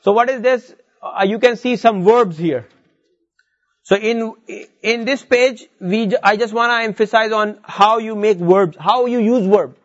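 High-voiced man teaching Arabic. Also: unhurried, lo-fi sound. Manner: explains step by step, repeats words, reads Arabic verses aloud. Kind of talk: classroom lesson.

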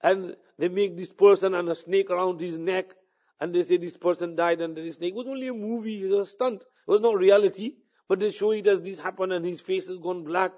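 A man preaching a sermon, his voice sitting fairly high for a man. He weaves Urdu and Arabic phrases into his English and retells anecdotes with quoted dialogue. The recording sounds dull and lo-fi. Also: fairly even intonation, a little fast, darkish tone.

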